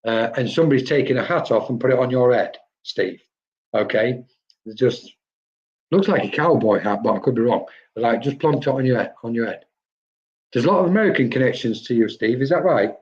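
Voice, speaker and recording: A man's voice: mid-range voice, animated, a little fast. A man, a medium, giving chatty spirit readings on a live stream and addressing viewers by name. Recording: dull lo-fi stream audio.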